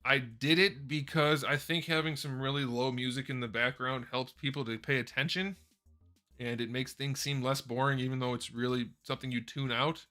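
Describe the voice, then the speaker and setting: A man hosts a casual live Q&A stream, answering viewer questions into a desk microphone. His medium-pitched voice is bright and forceful, and he rambles and corrects himself as he goes. Faint music plays in the background.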